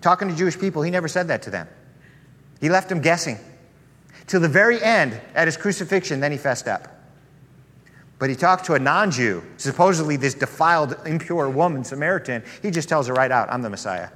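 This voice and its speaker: Animated male preacher in a reverberant hall. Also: a little high, brisk. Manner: conversational, animated storytelling. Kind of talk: sermon.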